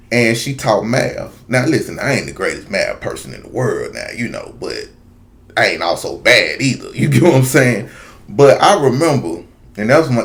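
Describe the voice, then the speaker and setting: Lower-voiced man telling a story. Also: gravelly. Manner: rambling, talks straight to viewers with asides. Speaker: video commentator. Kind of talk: casual storytelling monologue.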